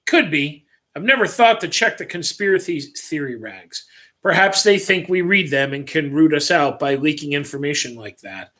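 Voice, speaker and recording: A man reading a story aloud on a livestream, voicing a calm, guarded mentor who talks in a measured, thoughtful way. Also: a little high.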